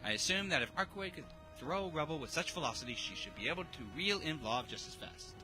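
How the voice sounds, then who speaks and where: A man streaming a visual novel, reading its text aloud and reacting with excitable, jokey, sometimes sweary comments. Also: fairly high pitch, fairly quick, music in the background, rough recording.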